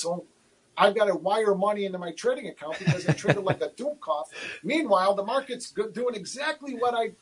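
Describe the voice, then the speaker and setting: A man, a guest futures trader, answering livestream questions in a candid, animated, self-deprecating way, often repeating his words. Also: high voice, breathy edge, poor audio.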